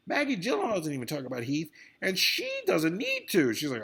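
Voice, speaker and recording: A man's voice: sits high, sing-song, fairly quick, hardly any pauses, a bit bright, husky. A man in a rambling, profane vlog rant about celebrity news, swinging between grumbling and outbursts. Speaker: vlogger.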